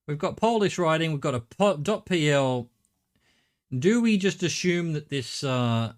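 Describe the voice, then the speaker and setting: A middle-aged Australian man with a fairly high voice talks his way through a live game stream. He thinks out loud, chats with viewers and drops casual swear words along the way.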